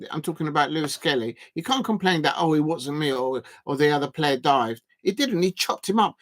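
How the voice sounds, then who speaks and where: A man's voice: fairly high pitch, a bit bright. Chatty guy streaming football. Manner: rambling and chatty, drawing out words as he types. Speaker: football watch-along streamer. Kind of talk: casual live football chat.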